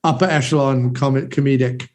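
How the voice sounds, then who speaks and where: A man's voice: mid-range voice, fairly even intonation, normal speed, a little mellow. A man in his forties hosting a podcast, chatting enthusiastically and rambling about films with casual swearing. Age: 40s. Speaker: podcast host.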